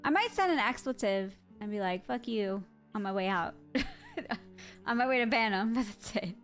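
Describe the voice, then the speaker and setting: A woman streaming from home, chatting casually with her chat in a slightly high voice. She is blunt and swears freely, often laughing mid-story. Faint music plays softly behind her desk mic. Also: wildly swooping pitch, moderate pace. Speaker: live streamer.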